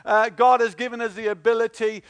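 A man's voice: very high-pitched, level tone, brisk. A man with a Northern English accent preaching a Pentecostal-style sermon, exhorting the congregation with frequent fillers and call-and-response prompts. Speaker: pastor.

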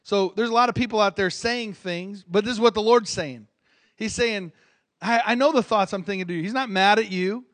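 A man's voice: high-pitched, normal speed, a bit bright. A man preaching a sermon as a visiting pastor in a church, emphatic, calling out for amens and often restarting his phrases. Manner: emphatic, calls for amens, repeats his starts.

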